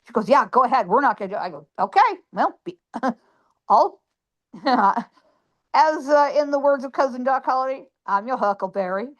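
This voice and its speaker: A woman tells a ghost story over the phone, acting out what she said in the moment. Her voice sits a bit high. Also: normal speed, long pauses, muffled recording. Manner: lively storyteller, acts out her own lines. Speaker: guest.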